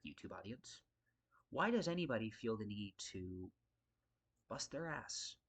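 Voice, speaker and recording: A man's voice: medium pitch, a bit bright, breathy edge. A man who works as a security guard, venting in a casual vlog, frustrated and profane, rambling and circling back to his points. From Las Vegas area.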